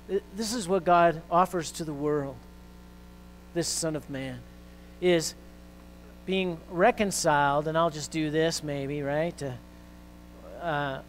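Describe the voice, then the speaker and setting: A man's voice: fairly high pitch, fairly even intonation, measured pace, slight background noise, rough recording. Male pastor preaching, faintly humming mic. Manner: conversational preaching with fillers, rising intensity when quoting scripture. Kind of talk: sermon.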